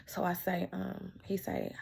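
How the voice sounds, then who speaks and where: This is a woman with a low, deeply gravelly voice and a husky, breathy edge. She tells a personal story in a heartfelt vlog, often repeating herself and restarting sentences as she goes. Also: fairly even intonation, measured pace, darkish tone. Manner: repeats herself and restarts lines while recounting events. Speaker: vlogger sharing a personal medical story.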